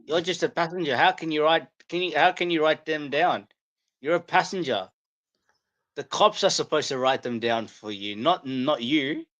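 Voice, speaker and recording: A man's voice: a little high, normal speed, fairly bright tone, dry recording, muffled recording. A man casually reacting to a video, exasperated and repeating his points. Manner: repetitive, exasperated.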